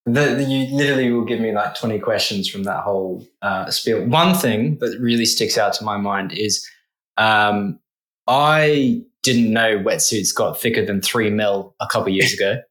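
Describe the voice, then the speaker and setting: A man's voice: on the low side, moderate pace, fairly bright tone. A man appearing as a podcast guest, telling stories casually and poking fun at himself, with many fillers. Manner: self-deprecating, many fillers. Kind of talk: casual storytelling. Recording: roomy echo.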